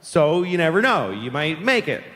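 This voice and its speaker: A woman's voice: sits low, sing-song, normal speed, a bit bright. A man voicing a flustered, evasive suburban mother who backpedals as she talks, recorded live with a long hall echo. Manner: hesitant, backpedaling.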